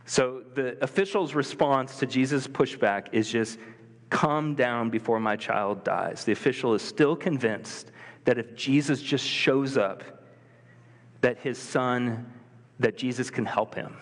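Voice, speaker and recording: A man preaches in an easy, conversational style, full of energy. He often acts out the voices of people in the passage. His voice sits at an ordinary pitch and rings with a long hall reverb. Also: a little slow. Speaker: pastor. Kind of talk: sermon. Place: church sanctuary.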